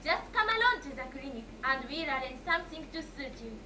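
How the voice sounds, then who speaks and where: A woman's voice: high voice, animated, fairly quick. A woman playing a prim, cool receptionist. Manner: crisp, formal, dismissive. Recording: echoey hall, far mic, hiss.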